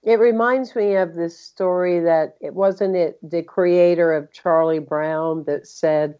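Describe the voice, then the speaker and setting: A woman hosting an interview who asks thoughtful questions in an unhurried way. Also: on the low side, steady tone, mellow, clear, resonant tone, dull audio. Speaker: podcast host. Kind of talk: conversational interview.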